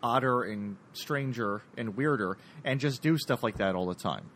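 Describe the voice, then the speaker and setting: A man co-hosting a casual podcast chat about a TV episode, animated and laughing as he acts out quotes. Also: mid-range voice, normal speed, slight background noise. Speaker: podcast co-host.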